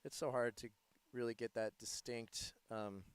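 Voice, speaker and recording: A man from the United States giving live play-by-play commentary in a playful, joking, excitable manner. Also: mid-range voice, moderate pace, clean tone, no room sound. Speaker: sports commentator.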